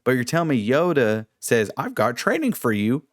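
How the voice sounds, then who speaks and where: A man co-hosting a casual review chat, animated and mocking, slipping into impressions. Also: mid-range voice, moderate pace, dry recording, clean studio sound. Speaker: podcast co-host.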